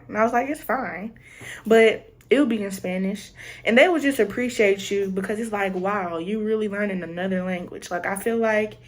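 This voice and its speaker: A young woman with a Southern American accent, chatting casually in a vlog and acting out little greetings as she tells her stories. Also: medium pitch. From Southern United States. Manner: animated storytelling, acts out greetings. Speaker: vlogger. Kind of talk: casual chat.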